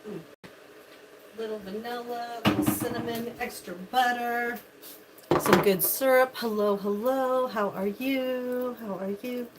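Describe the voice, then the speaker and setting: A woman's voice: fairly high pitch, a little slow, very noisy. An older woman hosting a casual live-stream cooking chat from her home kitchen, chatty and bubbly, greeting viewers by name. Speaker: livestream host.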